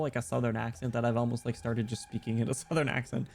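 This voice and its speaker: A man's voice: mid-range voice, level tone, fast, creaky, darkish tone. A man streaming a game, reacting in a chatty, giggly way. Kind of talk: casual game streaming chat.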